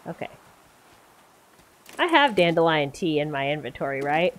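A woman's voice: low-pitched, big pitch swings, normal speed. A woman streamer giving casual, chatty let's-play commentary, talking to herself as she plays. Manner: chatty, talks to herself while playing. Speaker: gaming streamer.

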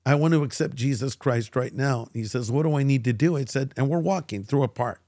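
A man's voice: medium pitch, brisk, no room sound, studio quality. An older man, a guest pastor, telling a personal story in an interview and acting out the voices of the people in it. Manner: animated storyteller who acts out quoted voices.

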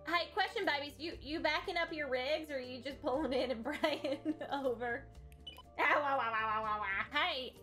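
A woman's voice: sits high, normal speed, few pauses, a bit bright, faint music behind. A woman playing a brash, flirty Southern woman trucker in character while streaming a game, drawling and calling everyone babies.

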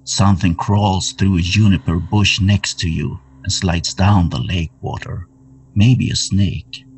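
A man narrating a horror tabletop game as game master, setting each scene slowly and atmospherically. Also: low-pitched, fairly even intonation. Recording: somewhat distant mic with music underneath.

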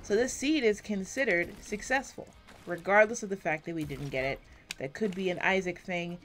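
A woman giving casual, rambling commentary while playing a video game, self-deprecating and swearing often, swinging between quiet and loud, on a close desk mic. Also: fairly low pitch, moderate pace, soft background music. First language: English. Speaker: gaming YouTuber.

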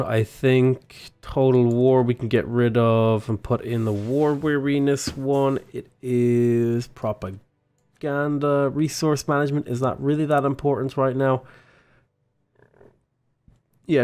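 A man's voice: mid-range voice, fairly even intonation, a little slow, mellow, clear, resonant tone. A young Australian man giving rambling, casual commentary while playing a strategy game, chatting to his units. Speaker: gaming YouTuber. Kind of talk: casual let's-play commentary.

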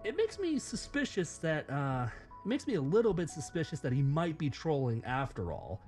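A man's voice: on the high side, huge pitch swings, normal speed, a little mellow, soft background music. A man reading a scripted commentary in a sarcastic, mocking, profane way. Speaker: YouTube commentator.

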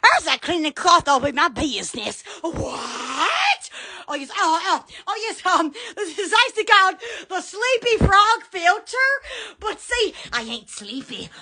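A woman's voice: extremely high pitch, animated, moderate pace, hardly any pauses, bright, forceful tone. Giddy, squealing Southern woman on a livestream. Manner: giddy, squealing, laughing, constant exclamations. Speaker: livestream host. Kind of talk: silly livestream chat with face filters. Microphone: phone held close.

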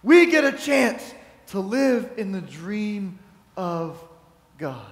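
Preaching slowly in a church sanctuary, a pastor with a high-sitting voice and big pitch swings retells a story and acts out the quotes. The sound echoes through the church hall.

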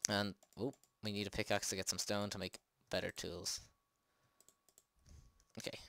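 A man's voice: fairly low pitch, flat delivery, moderate pace, creaky, sharp tone, no room sound. A man hosting a let's play, chatting and joking at himself with jumpy exclamations. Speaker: gaming channel host. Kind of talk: let's play game commentary.

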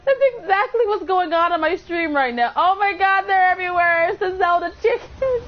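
A woman's voice: extremely high pitch, animated, moderate pace. A young woman streaming a game live, chatting with viewers, swearing and shrieking whenever she is in danger. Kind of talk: live gameplay commentary. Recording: dull lo-fi mic with audible noise.

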